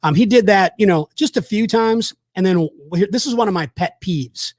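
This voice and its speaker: A man's voice: high voice, moderate pace, a little mellow, dry recording, clean studio sound. A man hosting a casual chat, telling rambling, enthusiastic stories with lots of fillers. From South Georgia, USA. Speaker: host.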